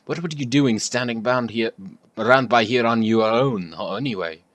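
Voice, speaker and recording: Blustering slangy fairy sidekick, loud and cheeky, as a man does the voice. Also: lowish voice, expressive, moderate pace, no room sound, close to an everyday voice. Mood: brash. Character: cheeky rough-talking little fairy man. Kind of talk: reading game dialogue aloud.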